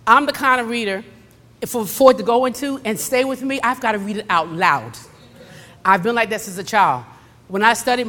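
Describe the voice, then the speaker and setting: A middle-aged woman preaching a sermon. She moves between low, conversational storytelling and fervent, shouted exhortation, calling out to the congregation. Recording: long hall reverb.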